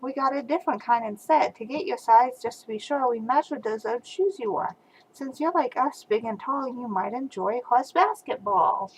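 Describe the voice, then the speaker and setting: A woman reading aloud as a pair of kind, friendly horses, in a gentle, reassuring storybook voice. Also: a little high, moderate pace, slight background noise, close to an everyday voice, poor audio.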